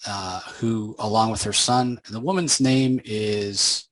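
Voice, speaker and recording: A man casually recapping a comic book series as its reviewer, rambling and pausing often to fill gaps with small hesitations. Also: lowish voice, steady tone, fairly bright tone, no echo, poor audio. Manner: rambling, with frequent filler pauses.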